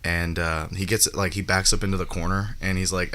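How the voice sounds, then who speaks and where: A man's voice: sits low, fast, hardly any pauses. A young man on a casual comedy podcast, telling a story with lots of laughter and acted-out quotes. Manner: animated, laughs often, acts out quotes. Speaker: guest comedian.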